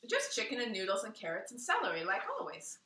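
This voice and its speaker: A woman's voice: mid-range voice, sing-song, quick pace, pushed and bright. Matter-of-fact mom, read by a woman. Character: patient adult mother at the dinner table. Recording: roomy sound from a distance.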